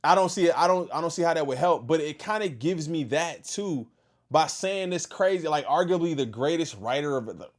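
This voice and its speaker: A man hosting a casual reaction stream, talking back to a video and shouting out his chat. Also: fairly high pitch, fairly quick. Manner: animated, talks back to the video and thanks chat.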